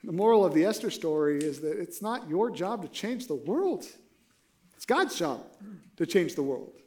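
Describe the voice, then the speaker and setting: High-voiced conversational man preaching. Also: very animated, moderate pace, a little mellow. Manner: conversational, rhetorical "right?" asides. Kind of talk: sermon.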